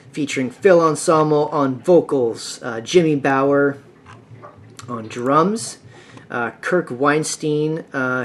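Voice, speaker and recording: A man's voice: mid-range voice, a little hiss or hum. A man hosting a casual music podcast, rambling with lots of filler words and restarts. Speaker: podcast host. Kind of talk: casual solo podcast talk.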